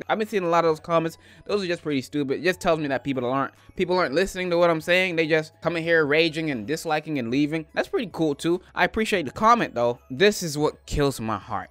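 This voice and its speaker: A YouTuber man reading out comments, answering them with sarcastic, deadpan jokes. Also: high voice, no echo.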